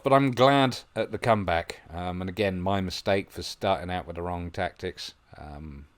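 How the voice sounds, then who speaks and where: A man commentating on his football management game, musing quietly and then breaking into excited play-by-play. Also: low-pitched, moderate pace, few pauses. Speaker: gaming video host. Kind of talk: gameplay commentary.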